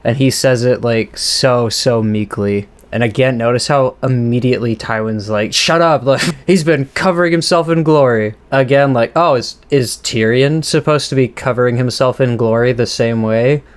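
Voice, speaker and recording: A man's voice: medium pitch, moderate pace, few pauses. Male host, casual off-the-cuff commentary, frequent laughs, swears freely. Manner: casual, laughs often, swears, lots of fillers. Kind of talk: off-the-cuff episode breakdown.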